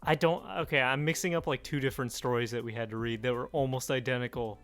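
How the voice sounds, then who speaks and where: A teenage boy on a podcast, his voice smooth and clear. He chats casually and drops in quick jokes. Faint music plays underneath. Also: mid-range voice, steady tone, fairly bright tone. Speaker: podcast co-host. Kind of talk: casual chat.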